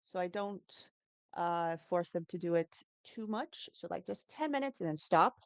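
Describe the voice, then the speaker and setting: A woman's voice: on the low side, expressive, a little slow, no echo, lo-fi sound. A woman who teaches English, talking through pronunciation tips in a casual interview, explaining patiently and demonstrating sounds with frequent fillers.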